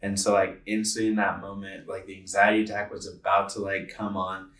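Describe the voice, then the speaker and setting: A man's voice: lowish voice, level tone, a little fast, a bit bright, distant mic. A man in his twenties telling a personal story on a podcast, earnest and rambling with lots of filler words. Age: 20s. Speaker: podcast co-host. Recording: roomy sound from away from the mic.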